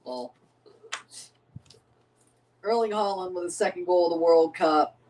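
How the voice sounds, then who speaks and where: A man hosting a live watchalong of a football match, excitable and opinionated, often exclaiming and laughing at the action. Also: high voice, measured pace, long pauses, far from the mic. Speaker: livestream host reacting to a match.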